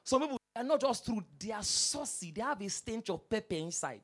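A pastor preaching a sermon, firing rhetorical questions and swinging from hushed asides to loud bursts. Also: mid-range voice, expressive, a little fast, breathy edge.

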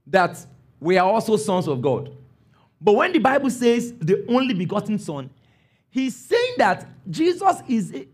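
A male preacher with a high, animated voice delivers an emphatic sermon. He keeps checking that the listeners are with him and pushes up into shouts on the lines he stresses. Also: breathy edge. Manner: emphatic, calls for congregation responses; rises to shouts on key phrases.

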